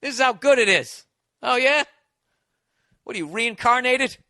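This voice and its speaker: An American man rants sarcastically on his podcast, swearing often. His voice sits high and sounds bright and forceful. The recording is close and dry. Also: lively intonation, moderate pace, dry recording. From United States. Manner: sarcastic, profane, mocking. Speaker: podcast host. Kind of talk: comedic podcast rant. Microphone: studio podcast mic.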